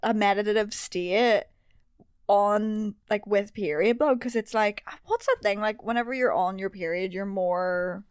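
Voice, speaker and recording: A woman's voice: mid-range voice, a little slow, clear, resonant tone, no echo. Young woman chatting casual and frank, lots of giggles, dry sound. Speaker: podcast co-host. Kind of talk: casual chat.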